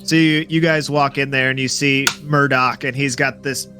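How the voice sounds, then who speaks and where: A man's voice: medium pitch, steady tone, moderate pace, over music. A man narrating as game master in a loose, casual way, full of fillers.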